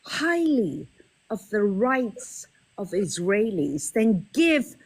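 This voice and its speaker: A woman's voice: medium pitch, big pitch swings, slow pace, a little mellow, breathy edge, poor audio. A woman from Germany calling in to a live stream, ranting in anger and swearing with heavy emphasis. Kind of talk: heated political rant.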